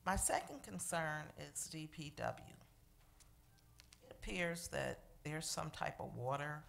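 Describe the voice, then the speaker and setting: Gravelly low-voiced woman, firm complaint. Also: a bit bright. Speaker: resident speaking at public comment. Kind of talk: public comment at a council meeting.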